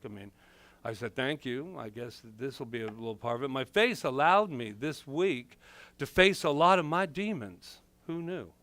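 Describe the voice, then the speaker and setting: A middle-aged man and minister giving a playful, animated sermon full of personal stories. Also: mid-range voice, creaky, no echo. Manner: animated, playful, acts out quotes.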